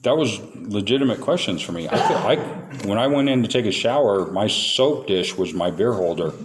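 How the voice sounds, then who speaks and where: Male meeting speaker, low register, candid storyteller with self-mocking humor, faint background noise. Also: animated, normal speed. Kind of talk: recovery talk to a meeting.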